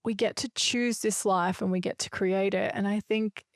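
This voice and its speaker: A woman's voice: mid-range voice, fairly even intonation, moderate pace, no echo, studio quality. A woman hosting a solo podcast, talking in an earnest, emphatic, reflective way. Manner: earnest, emphatic and spiritual, with a few loose swears. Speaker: podcast host.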